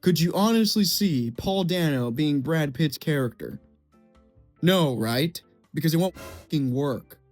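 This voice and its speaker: A man's voice: fairly high pitch, animated, measured pace, a little mellow, faint music behind. A young man giving heated film commentary, swearing and repeating himself as he rants. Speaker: video essay creator.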